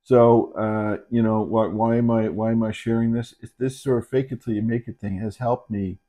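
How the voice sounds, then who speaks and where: A middle-aged man, a dementia caregiver, talking candidly and haltingly in a reflective personal video, with many restarts. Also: fairly low pitch, steady tone, dark tone. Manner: earnest and candid. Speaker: dementia caregiver and channel host. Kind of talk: reflective personal talk to camera.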